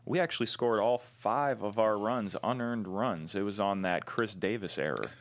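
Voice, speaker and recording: A man's voice: fairly low pitch, moderate pace. A man co-hosting a casual sports chat, steadily feeding in stats and questions. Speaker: podcast co-host.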